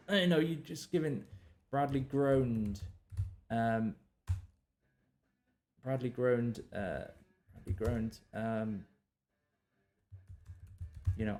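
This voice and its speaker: Male writer, mid-pitched voice, halting think-aloud delivery, soft music playing behind. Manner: halting, many fillers and restarts, reads draft lines aloud. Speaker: novelist live-streaming his writing. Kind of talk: thinking aloud while drafting.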